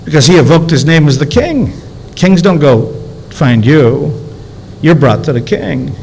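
Higher-voiced male pastor preaching. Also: lively intonation, measured pace, vocal fry, a little mellow, slight background noise, rough recording. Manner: conversational preaching with rhetorical questions, stretching out key words. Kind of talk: sermon.

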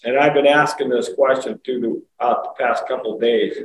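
A man's voice: mid-range voice, fairly even intonation, moderate pace, noisy background. A man preaching a conversational sermon, asking rhetorical questions and rising to emphatic exclamations. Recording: echoey room, voice from far off, faint ambience.

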